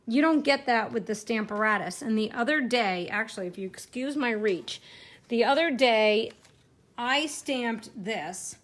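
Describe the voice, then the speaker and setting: A middle-aged woman talks through a stamping project in a relaxed, rambling way, joking about herself as she works. Her voice sits a little high and stays conversational, like a home craft room livestream. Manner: chatty, self-deprecating, talks while working. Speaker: card-making instructor. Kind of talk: casual live crafting demo.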